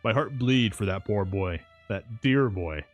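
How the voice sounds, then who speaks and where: A man voicing a deep-voiced old rambling professor. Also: animated, unhurried, soft background music. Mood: grieving. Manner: archaic broken-English phrasing.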